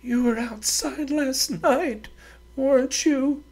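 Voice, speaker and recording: A man voicing a haughty high-pitched frontier lady. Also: slow, a little mellow, full character voice. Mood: accusing. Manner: imperious, high put-on voice. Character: haughty prim frontier woman, demanding.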